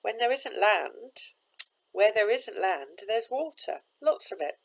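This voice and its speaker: A woman voicing a kindly boatman with a strange accent, speaking gently and reassuringly in a storybook reading. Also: fairly high pitch, expressive, takes it slowly, pitched above the performer's own voice, heavily acted, poor audio. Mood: musing.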